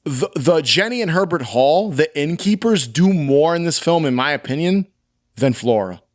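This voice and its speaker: A man co-hosting a casual film review podcast, talking animatedly and acting out quick quoted lines. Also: on the high side, lively intonation. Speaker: podcast co-host.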